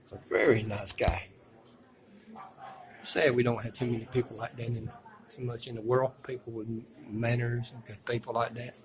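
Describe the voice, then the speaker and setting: A man narrating casually as he films his walk through a museum, rambling and folksy and quick to complain. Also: mid-range voice, level tone, a crowd in the background, low-quality recording. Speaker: vlogger touring a museum. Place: indoor museum.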